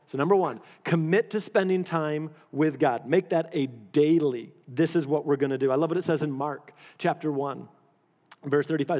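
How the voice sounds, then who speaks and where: A man's voice: a little high, a little mellow. A male pastor preaching in a casual, conversational way, often repeating phrases for emphasis. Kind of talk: sermon. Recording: long hall reverb.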